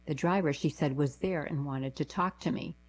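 Woman reader, low husky voice, plain reading for a radio reading service. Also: normal speed, low-quality recording. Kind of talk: reading newspaper diary columns aloud.

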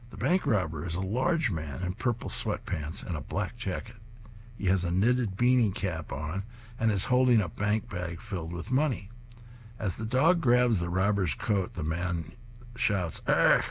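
This low-pitched male voice comes with slight background noise. He's the host of a reading-service show, reading comic strips out loud and laughing along at the gags.

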